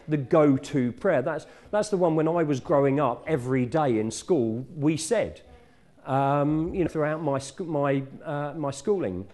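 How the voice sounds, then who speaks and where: A man's voice: fairly high pitch, darkish tone. A middle-aged man, preaching a sermon in a church in a conversational, self-correcting teaching manner.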